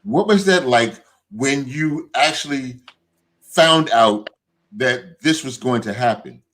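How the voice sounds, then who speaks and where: A man hosting a casual interview, asking gentle follow-up questions in a supportive way. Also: medium pitch, lively intonation, takes it slowly. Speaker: talk show host.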